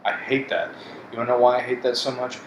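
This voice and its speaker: A man's voice: medium pitch, little pitch movement, quick pace. A man talking to his channel in a blunt, profane, bitter rant about betrayal and hopelessness. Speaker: vlogger. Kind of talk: casual monologue to camera. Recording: echoey room with air conditioning hum.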